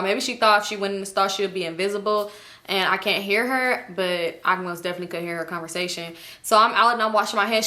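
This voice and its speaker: Bright-voiced woman telling a story. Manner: animated, acts out quotes with a higher voice; swears freely, slangy and chatty. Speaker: storytime YouTuber. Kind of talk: casual storytelling.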